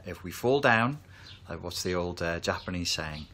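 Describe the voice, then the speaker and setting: A man talking to camera as a therapy coach, calm and reassuring as he explains. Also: sits low, measured pace. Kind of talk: reflective talk to camera.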